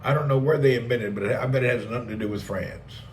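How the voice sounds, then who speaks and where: A man's voice: medium pitch, quick pace, a little hiss or hum. A man hosting a casual live stream, rambling and joking as he reads and answers chat messages. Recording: roomy, distant mic with faint ambience.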